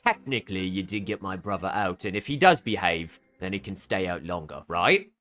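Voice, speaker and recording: Un hombre haciendo de Brock, un tendero jovial. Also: male voice, deep voice, animated, fairly quick, a bit bright, pitched below the performer's own voice. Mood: sly. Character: gruff male shopkeeper Brock, burly, jovial.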